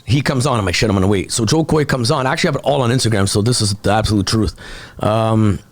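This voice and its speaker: A man who is a comedian, telling stories as a guest in a casual podcast chat, animated and profane. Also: on the low side, fast talker. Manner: animated storytelling, frequent swearing.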